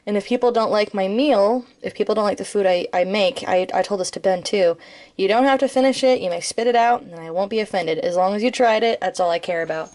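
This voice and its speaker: A woman's voice: medium pitch, brisk, darkish tone. An American woman chatting casually in a cooking vlog, rambling with lots of ums and self-corrections. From United States. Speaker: vlogger.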